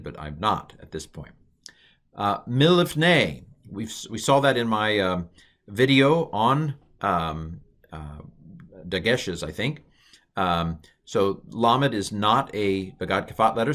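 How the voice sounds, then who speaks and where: Low-voiced man teaching an online lesson. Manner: relaxed and explanatory, with frequent ums and uhs. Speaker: Hebrew teacher.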